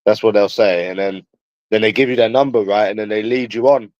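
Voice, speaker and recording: A man's voice: on the low side, brisk, a little mellow, dry recording. A man with a London accent talking casually to viewers in a rambling, crude way, swearing freely. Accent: London English. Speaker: livestreamer. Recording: dull lo-fi dry sound.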